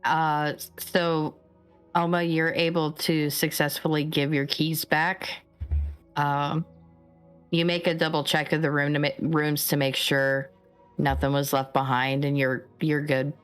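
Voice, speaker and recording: Low-voiced, slow woman game master. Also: clean tone, soft background music. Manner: relaxed, rambling, with many fillers. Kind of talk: narrating a tabletop game.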